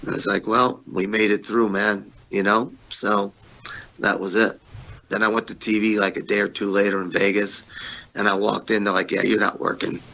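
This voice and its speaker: A man's voice: lowish voice, moderate pace, muffled recording. A man telling blunt, profane stories as a guest in an interview, acting out the people he quotes. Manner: blunt, profane, animated when quoting others. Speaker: guest, former pro wrestler. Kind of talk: candid storytelling interview.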